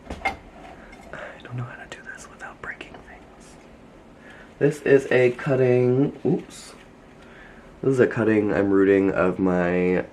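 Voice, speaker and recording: A man's voice: sits low, a little mellow, slight background noise. A man giving a casual tour of his houseplants at home, gushing and chatty, with lots of "like" in his speech. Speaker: plant vlogger.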